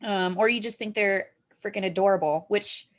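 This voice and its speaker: A woman's voice: mid-range voice, moderate pace. A woman co-hosting a moms' group update in casual chat, talking with lots of fillers and easy laughter. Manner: chatty, with filler words and frequent laughter.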